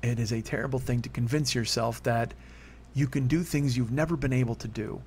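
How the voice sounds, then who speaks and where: A man in his forties delivers a confessional solo monologue, rambling and candid, in a mid-range, slightly mellow voice with a steady tone and fairly quick pace. His voice jumps up when he gets worked up, and there's a little hiss or hum on the recording.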